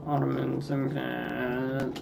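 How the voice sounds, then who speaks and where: A man's voice: mid-range voice, level tone, slow, gravelly, very noisy. A man commenting casually on his strategy game, muttering and ranting in frustration at it. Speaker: gameplay video creator.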